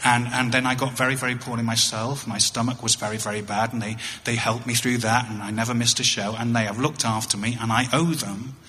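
English comic guy, bright voice, halts and repeats himself, big echoey hall. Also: medium pitch, steady tone. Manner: halting, wry, repeats words. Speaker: touring comedian. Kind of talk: storytelling stand-up.

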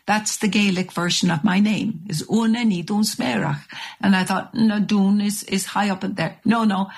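An older Irish woman telling a story with lively, animated delivery in a radio interview. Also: medium pitch, gravelly, husky. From Ireland. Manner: animated storyteller, restarts and acts out voices. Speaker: guest.

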